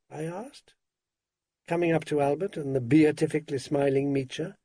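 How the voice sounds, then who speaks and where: Husky man, wry audiobook narration. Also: medium pitch, moderate pace, mellow, no room sound. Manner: dry, wry, first-person storytelling.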